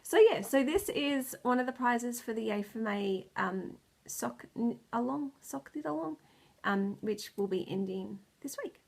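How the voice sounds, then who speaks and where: A woman's voice: on the high side, animated, unhurried, vocal fry, hardly any pauses, a little mellow. Tired, rambling woman. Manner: rambling, loses her words, laughs often. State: tired and stressed, close to tears. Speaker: knitting podcast host. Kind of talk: casual chat.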